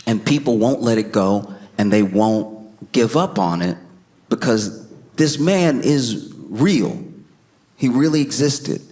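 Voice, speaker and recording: A man doing a stand-up comedy set, telling a story with lively, animated delivery and breaking into high, strained character voices. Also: takes it slowly.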